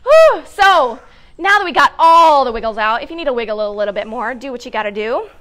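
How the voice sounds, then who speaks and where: Peppy high-voiced woman leading kids' story time. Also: fairly quick. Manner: energetic, encouraging, laughs often. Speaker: family educator hosting children's story time. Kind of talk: upbeat instructions for young children. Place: sitting on a hard floor indoors. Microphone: clip-on mic with wires.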